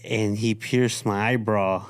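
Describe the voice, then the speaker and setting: A man from Chicago telling a story in relaxed, casual conversation. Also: fairly low pitch, slow, clear, resonant tone, no room sound, studio quality. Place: studio.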